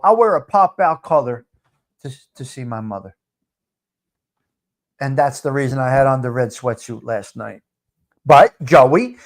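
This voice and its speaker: A brash middle-aged man runs a live chat stream, teasing his viewers. His voice sits high for a man and swings widely up and down as he jokes. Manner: brash, teasing, street-wise banter.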